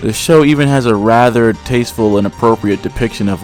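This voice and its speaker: A man's voice: medium pitch, fairly quick, a little mellow, soft background music. A man in a casual, irreverent scripted commentary, joking as he talks to his viewers. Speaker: video essayist.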